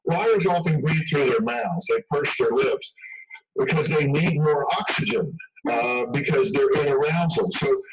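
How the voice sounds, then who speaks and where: A man's voice: a little high, lively intonation, unhurried, soft background music. A man speaking as an expert guest in a radio interview, emphatic and conversational, acting out quoted lines. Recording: dull radio broadcast from far off.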